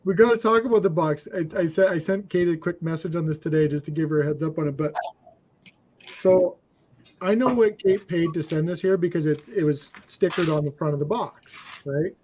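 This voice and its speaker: A man's voice: on the high side, brisk, a little mellow. A man hosting a casual livestream chat with friends, telling stories and laughing as he goes. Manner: storytelling, laughs between lines. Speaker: livestream host.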